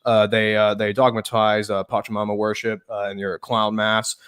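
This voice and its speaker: A man's voice: on the low side, flat delivery, a bit bright, smooth, no room sound, studio quality, pitched below the performer's own voice, close to an everyday voice. A man doing a smug, dismissive debater impression. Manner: mocking, rapid, condescending.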